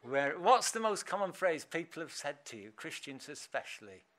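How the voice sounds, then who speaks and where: Chatty man, lay preacher in church, lively pitch, ringing bright tone. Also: normal speed. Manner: chatty and animated, laughs often. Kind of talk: informal sermon.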